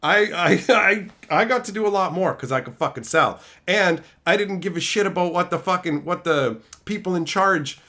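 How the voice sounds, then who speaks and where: A man's voice: high-pitched, moderate pace, few pauses. A man hosting a stream, casually ranting and telling profane stories about old jobs. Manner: profane, animated, mimics coworkers in quotes. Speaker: streamer host. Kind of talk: casual storytelling rant.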